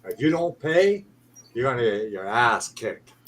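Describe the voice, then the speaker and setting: A man in his sixties hosting a casual live chat, telling stories in a laid-back way that trails off quietly. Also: mid-range voice, very animated, unhurried. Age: 60s.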